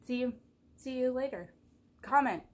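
A woman's voice: medium pitch, normal speed. A young woman chatting casually in a daily vlog, bubbly, rambling and self-deprecating. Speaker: vlogger.

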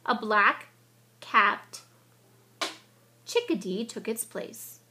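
A woman reading a children's picture book aloud with expressive storytelling, and she sometimes stops to explain the story. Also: fairly high pitch, slow pace, heavy background noise.

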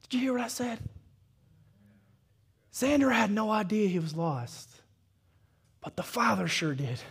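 A Southern pastor with a notably high voice delivers a sermon, chatty and homespun as he tells his stories. He pushes his voice up into loud, fervent exhortation as he drives his points home. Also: sing-song, measured pace, gravelly, breathy edge. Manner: folksy storytelling that builds to shouted exhortation. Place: church service.

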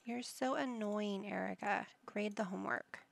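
A woman's voice: medium pitch, moderate pace, creaky. A woman giving casual commentary over her life-simulation gameplay, chatting to her game characters as she plays. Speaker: gameplay channel host.

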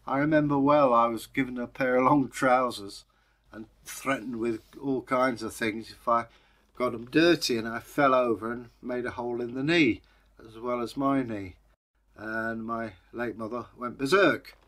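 A man's voice: medium pitch, steady tone, moderate pace, fairly bright tone. A man hosting his own channel, telling an old folktale in a chatty way with jokey asides. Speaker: storyteller, channel host. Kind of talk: casual folktale storytelling.

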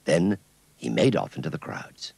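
A man narrating a children's cartoon story in an expressive storytelling manner. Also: rumbling low, moderate pace, creaky, breathy edge, no echo.

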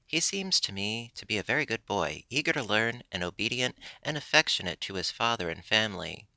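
A man voicing a frightened, boastful wooden puppet boy who pleads and gets excited. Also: on the low side, a little fast, no room sound, full character voice. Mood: sly.

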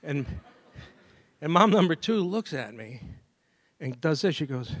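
Commencement speaker: a man with a slightly high voice, animated storyteller who scats tunes and acts out dialogue. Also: unhurried, long pauses. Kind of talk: storytelling speech at a graduation ceremony. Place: university degree ceremony.

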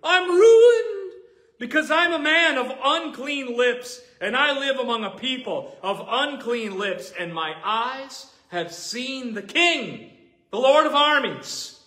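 A man's voice: very high-pitched, expressive, slow, bright, forceful tone, pitched above the performer's own voice, full character voice. A man acting out a terrified ancient prophet who cries out in dread at his own ruin. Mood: anguished. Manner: wailing, stretched cries. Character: anguished male prophet, terrified, crying out. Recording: roomy echoing hall.

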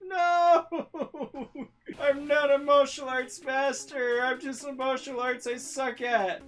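A woman hosting a let's play, giving excitable, profane commentary full of yelps and battle cries. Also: sits high, measured pace, soft background music. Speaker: gaming channel host.

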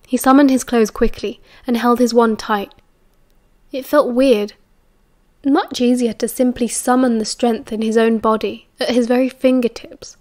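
A woman with a British accent reading an audiobook in an even, measured way. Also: a little high. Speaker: audiobook reader. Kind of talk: audiobook narration.

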